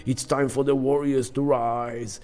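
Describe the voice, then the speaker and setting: A man voicing a male god of war who sounds a booming call for warriors to rise. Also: little pitch movement, unhurried, dark tone, long reverb tail, soft background music, natural voice. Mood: rallying.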